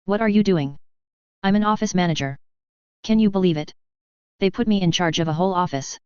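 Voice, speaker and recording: A woman voicing an excited, naive young male alien office worker, low and smooth in a slightly dull recording. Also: a little fast, dry recording, close to an everyday voice. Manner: excited, bubbly.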